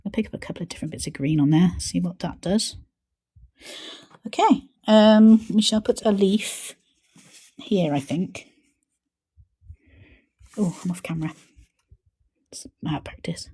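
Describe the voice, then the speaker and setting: A woman hosting a live painting stream, chatting playfully to herself as she works and sometimes dropping to a soft mutter. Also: on the low side, unhurried, pauses often, husky. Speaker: art channel host.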